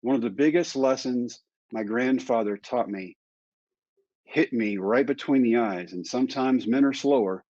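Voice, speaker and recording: A man in his fifties, a guest in an interview, telling his story in a lively way and acting out the dialogue. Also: mid-range voice, moderate pace, dry recording. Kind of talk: candid storytelling in conversation. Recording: dry, slightly dull sound.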